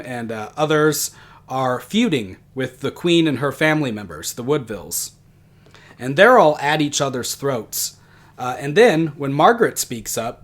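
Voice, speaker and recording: A man delivers a recorded literature lecture in a mid-range voice. He explains things patiently and often pauses on "uh." His tone stays conversational and instructive. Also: mid-range voice. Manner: explanatory, with frequent "uh" fillers.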